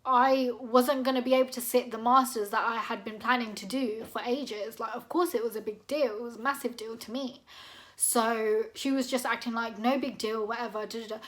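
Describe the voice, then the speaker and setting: A woman, telling a personal story in a chatty, animated way and dropping low for asides. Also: normal speed. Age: 20s. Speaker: vlogger. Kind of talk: casual storytime chat.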